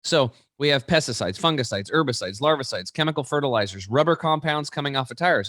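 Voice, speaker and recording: A man in his forties, a guest in an interview, telling stories in an animated, emphatic way. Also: mid-range voice, fast, few pauses, dry recording, studio quality. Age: 40s.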